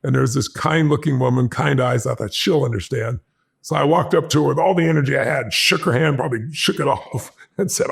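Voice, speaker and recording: A man in his sixties, from the United States, telling a personal story as a podcast guest and acting out the dialogue with jumps in pitch. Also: brisk. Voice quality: gravelly, husky voice.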